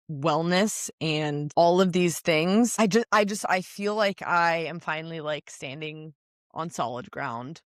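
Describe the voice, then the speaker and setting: A woman's voice: low-pitched, dry recording, studio quality. A woman in her twenties hosting a solo podcast, talking casually and emphatically with lots of fillers and little laughs. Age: 20s. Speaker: podcast host.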